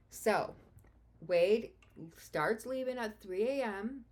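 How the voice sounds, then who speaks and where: A woman's voice: a little high, takes it slowly, a little mellow. A woman hosting a true-crime podcast, telling the story casually and bluntly, swearing freely and getting openly indignant. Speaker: podcast host.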